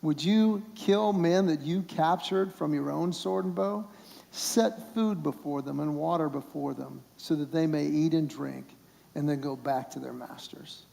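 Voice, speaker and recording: A man's voice: on the high side, measured pace, vocal fry, dark tone, big-room sound. A man preaching a sermon as a guest speaker, retelling a story and acting out its characters' voices. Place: church sanctuary.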